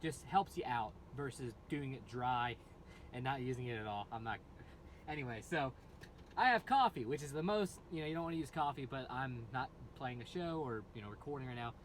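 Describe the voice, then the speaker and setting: A man's voice: medium pitch, animated, brisk, a little hiss or hum. A man, a metal band singer, explaining his screaming technique in a loose, rambling way full of fillers and restarts. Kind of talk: casual vocal tutorial.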